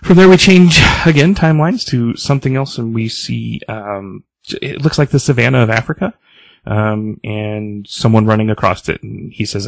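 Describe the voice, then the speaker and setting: A man's voice: on the low side, moderate pace, no room sound. A man on a comics podcast casually retelling a comic's plot and reading out its characters' lines. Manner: animated retelling, reads out character lines loosely. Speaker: podcast co-host recapping a comic. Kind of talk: casual chat, retelling a story.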